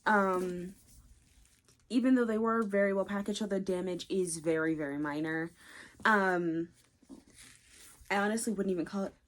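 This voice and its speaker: A woman talking casually in a book unboxing vlog, gushing with excitement and often dropping to a breathy whisper. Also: medium pitch, normal speed, pauses often. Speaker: book vlogger.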